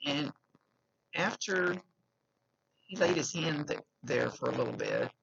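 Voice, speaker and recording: A woman's voice: deep voice, animated, measured pace, gravelly, a bit bright, husky. A woman psychic medium with a slight lisp, giving an earnest, reassuring reading and repeating key phrases. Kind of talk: giving a spoken reading to a client. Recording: dull lo-fi recording.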